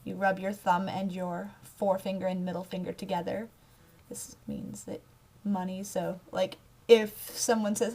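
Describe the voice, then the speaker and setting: A woman's voice: medium pitch, level tone, moderate pace, dark tone. Chatty young woman vlogging to camera. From United States. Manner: chatty, giggly, talks with her hands. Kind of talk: casual talk to camera.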